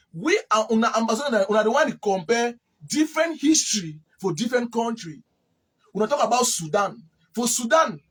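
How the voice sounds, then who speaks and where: A man from Cameroon talks in a Cameroonian Pidgin English accent, telling a long, loose history account. His voice sits high and sounds breathy and husky. He often stalls and repeats words while he hunts for the next one. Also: fairly bright tone. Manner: rambling, repeats words when searching. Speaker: interviewee. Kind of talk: casual spoken history account.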